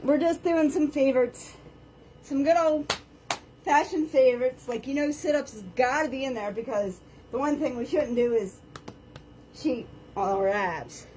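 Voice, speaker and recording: A fairly high-voiced woman coaches a live home workout from her floor mat and counts reps out loud. She keeps up a loose, self-joking chatter with viewers. Faint room sound sits behind her, caught by a camera set on the floor. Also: normal speed, slight background noise. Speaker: fitness instructor.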